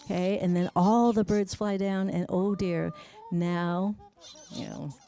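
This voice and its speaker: A woman speech-language pathologist giving a parent education class, narrating a video with lively exclamations. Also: lowish voice, slow pace. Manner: animated, exclaiming while narrating a video for kids.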